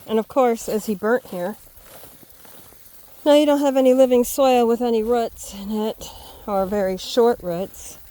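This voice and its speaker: A woman's voice: a little high, measured pace, warm tone. A woman vlogging casually as she walks a wet hay field, thinking aloud and calling to her dogs. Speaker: homesteading vlogger. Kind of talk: casual walking vlog. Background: dogs and rural outdoor sounds.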